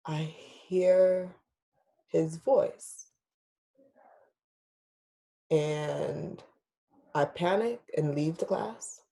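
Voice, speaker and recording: A woman's voice: low voice, drawn-out words, creaky, long pauses, dark tone. Candid, emotional woman podcast host. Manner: candid, emotional, swears freely, addresses listeners as y'all. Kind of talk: casual storytelling chat.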